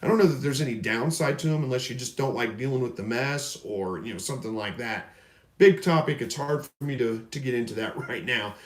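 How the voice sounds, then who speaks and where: A man's voice: medium pitch, a little fast, hardly any pauses. A man from Missouri hosting a casual live stream, reading viewer questions aloud and answering in a rambling, folksy way. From Missouri, USA. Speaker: livestream host. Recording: roomy echo.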